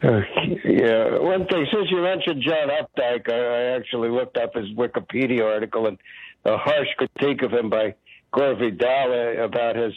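A man's voice: mid-range voice, normal speed. A male caller on a radio show, speaking hesitantly and stumbling over his words. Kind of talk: radio call-in talk. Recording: dry tinny phone line.

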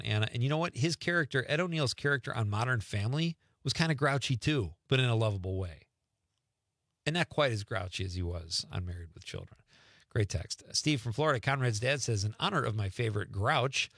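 A man's voice: medium pitch, expressive, a little fast, a bit bright, no room sound, clean studio sound. A middle-aged man, hosting a radio talk show and chatting casually as he reads listener texts aloud. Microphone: studio microphone.

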